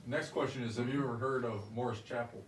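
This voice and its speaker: A man's voice: medium pitch, fast. Man interviewer, casual and loose, faint hiss behind. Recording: distant roomy recording with faint noise.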